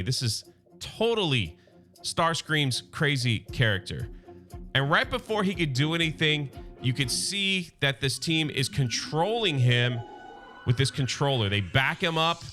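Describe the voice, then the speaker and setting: A man hosting a casual comic book recap, chatty and animated, talking straight to his fans. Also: fairly high pitch, measured pace, faint music behind.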